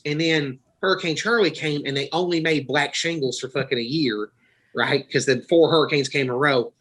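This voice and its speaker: A man's voice: a little high, fairly quick, fairly bright tone, rough recording. A man from Florida, a podcast host telling rambling, profane stories in casual chat. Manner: rambling, profane, laughing storyteller.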